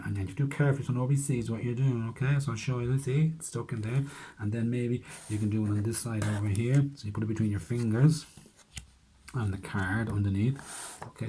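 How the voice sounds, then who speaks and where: A man's voice: mid-range voice, warm tone, slight background noise. A man, a preschool teacher, patiently explaining step by step how to do a card trick for young children. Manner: patient, step-by-step with frequent "okay?".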